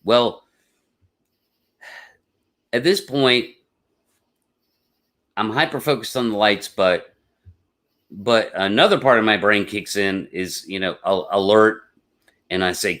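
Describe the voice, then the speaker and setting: A man hosting a live stream, telling a personal story in a casual, rambling way. He gets excitable and repeats his words. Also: lowish voice, slow, long pauses. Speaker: podcast host.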